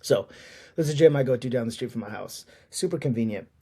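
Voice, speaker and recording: Man, husky voice, dry close sound, rambling casual podcast talk, lots of fillers. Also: medium pitch, lively intonation, fairly quick, mellow, no room sound. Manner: rambling, filler-heavy, candid. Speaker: podcast host. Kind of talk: casual solo podcast monologue.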